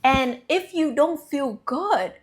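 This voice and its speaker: A young woman, a spiritual coach, giving a casual, animated talk to her viewers, playful and quick to laugh, with casual swearing. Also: high voice, faint music behind.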